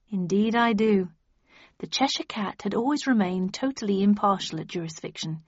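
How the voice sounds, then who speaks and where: A woman's voice: medium pitch, lively intonation, normal speed, breathy edge, no echo. Woman narrating a novel, dull dry sound. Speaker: audiobook narrator. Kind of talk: scripted first-person narration.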